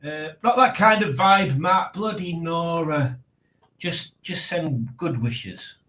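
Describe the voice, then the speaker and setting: A man's voice: fairly high pitch, slow, bright, forceful tone. A man hosting a casual livestream, rambling and chuckling to himself as he reads out chat messages. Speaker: livestream host. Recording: echoey room.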